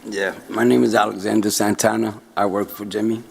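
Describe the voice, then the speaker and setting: Gravelly husky man in an echoing chamber. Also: on the low side, flat delivery, brisk, darkish tone. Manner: earnest, repetitive explaining. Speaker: store employee addressing board. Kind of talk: public comment at hearing. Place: city council chamber.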